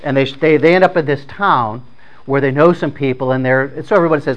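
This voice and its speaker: A man's voice: mid-range voice, brisk, highs cut off. A man informally retelling a story in plain, conversational words, often repeating and restarting his phrases.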